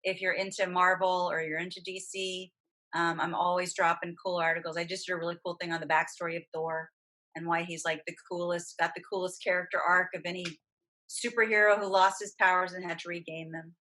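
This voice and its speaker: A woman's voice: fairly low pitch, a little fast. A woman guest on a podcast, chatting casually and enthusiastically as a voice actress about superhero films. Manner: enthusiastic, animated fan talk.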